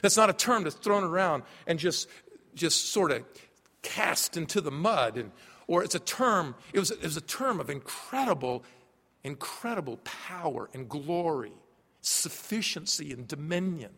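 Male pastor, fervent sermon delivery that swings from quiet to loud, high-pitched, recorded in a big echoing church. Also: expressive, a little slow. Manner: emphatic, swings from hushed to loud. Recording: long reverb of a large hall.

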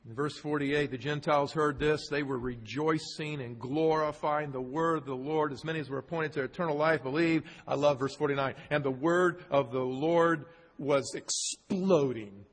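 Pastor guy preaching verse by verse, high husky voice, big echoey hall. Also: moderate pace. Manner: asks the congregation questions, emphatic repetition. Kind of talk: expository sermon. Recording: long hall reverb, husky.

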